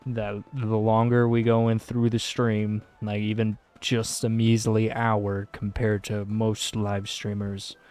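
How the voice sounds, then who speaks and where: A man's voice: fairly low pitch, darkish tone, clean tone. A man streaming a game, chatting casually, giggling often and reading on-screen text aloud, sounding worn out. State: tired. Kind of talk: casual live-stream commentary.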